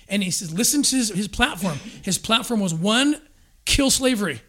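A man explaining history in a lively conversational way, acting out quotes with frequent restarts. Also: high voice, normal speed. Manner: energetic storyteller, acts out quotes with restarts. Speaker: guest discussing scripture and history.

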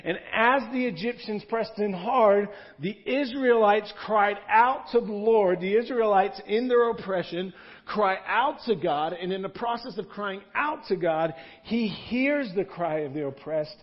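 A man's voice: high voice, measured pace. A man, a pastor, preaching a sermon in a church room in a conversational style, repeating key words for emphasis. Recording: dull lo-fi sound.

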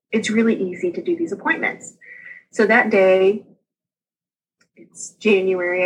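A woman, a podcast guest candidly retelling her own experience with lively asides. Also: mid-range voice, husky, rough recording. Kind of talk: casual storytelling interview.

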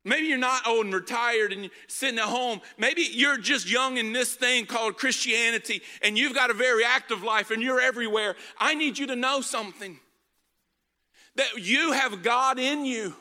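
Emphatic preacher man, bright and echoing. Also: very high-pitched, moderate pace. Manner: emphatic, urging the congregation to respond. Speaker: pastor. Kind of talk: sermon. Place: large hall with congregation. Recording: live hall reverb.

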